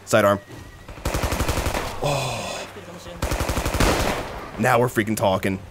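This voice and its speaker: A young man doing casual, excitable gameplay commentary, rambling, swearing and laughing between remarks. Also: on the low side, very slow. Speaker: gaming commentator. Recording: noisy with game gunfire behind. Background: gunfire and artillery from the game.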